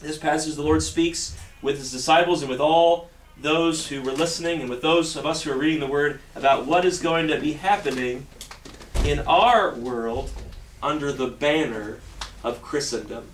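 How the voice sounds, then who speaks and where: A man's voice: fairly high pitch, moderate pace. Preaching man in an echoey church. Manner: earnest, repeats phrases with frequent restarts. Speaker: pastor. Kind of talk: sermon. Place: church sanctuary. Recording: roomy echo, mic at a distance, faint hiss.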